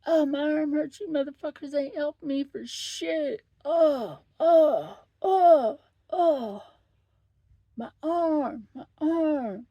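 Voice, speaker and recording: A shrill, moaning patient , as a woman acts her out wails and curses in a raised, strained pitch. The voice is gravelly and slow, recorded close and dry. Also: little pitch movement, no echo, highs cut off. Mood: wailing. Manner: wailing, moaning and cursing. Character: whining middle-aged woman patient, loud and demanding.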